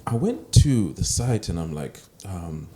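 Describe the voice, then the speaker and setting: Low-voiced male guest, laid-back anecdotal delivery, echoey noisy room. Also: a little slow. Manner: relaxed storytelling, soft hesitant fillers. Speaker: podcast guest. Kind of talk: casual conversation. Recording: echoey room with background noise.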